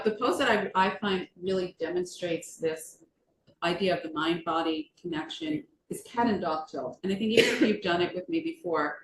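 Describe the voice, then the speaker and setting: A woman from the United States, a yoga teacher, leading a relaxed and chatty class on a video call and asking the group questions. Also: mid-range voice. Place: room on a video call meeting. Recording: echoey room, faint background hiss.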